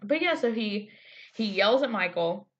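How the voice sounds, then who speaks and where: A woman's voice: mid-range voice, expressive, measured pace, muffled recording. A woman co-hosting a podcast, chatting casually, acting out quotes and swearing freely. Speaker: podcast co-host. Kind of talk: casual recap chat.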